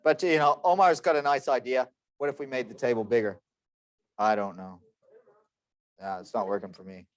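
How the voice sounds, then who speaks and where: A man's voice: mid-range voice, fairly even intonation, normal speed, pauses often, dry recording. A man in his forties teaching an online class with chatty, joking, self-deprecating asides. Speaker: lecturer. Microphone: computer microphone.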